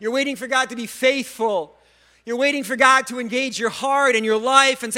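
A male pastor preaching a sermon, earnest and animated, stumbling over repeated words and joking about himself. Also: extremely high pitch, brisk. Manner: self-deprecating humor.

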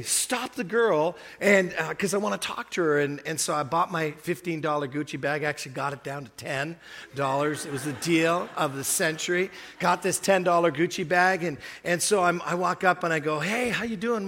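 Storytelling pastor in a reverberant hall. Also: male voice, sits high, a bit bright. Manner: storytelling, rising to emphatic exhortation. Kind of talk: sermon. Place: church hall.

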